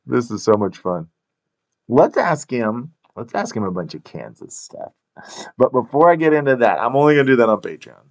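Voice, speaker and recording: A man's voice: medium pitch, expressive, moderate pace. A man hosting a podcast in casual chat, playful and easygoing, laughing often. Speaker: podcast host.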